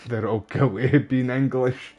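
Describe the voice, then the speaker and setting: A man's voice: medium pitch, steady tone, moderate pace, darkish tone, highs cut off, soft background music. A young Scottish man streaming a game, chatting casually to his viewers and calling them mate. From Scotland. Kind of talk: casual live-stream chat while playing.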